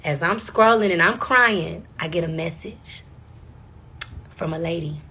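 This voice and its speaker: Gravelly young woman telling her story. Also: fairly low pitch, a little slow, bright, forceful tone, slight background noise. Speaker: vlogger. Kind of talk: casual storytelling to the camera.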